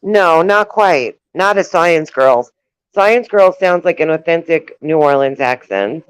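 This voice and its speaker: A woman's voice: deep voice, expressive, measured pace, smooth, no echo, low-quality recording. A woman with a New York accent hosting a casual chat, talking loosely with lots of fillers and frequent laughs. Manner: chatty, laughs often, trails off with fillers. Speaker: host.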